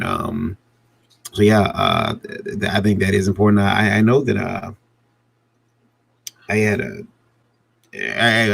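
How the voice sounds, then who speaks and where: A man's voice: deep voice, vocal fry, husky. A man talking casually about writing comics, rambling with many fillers and restarts and chuckling often. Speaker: comic creator, podcast co-host. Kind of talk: casual discussion.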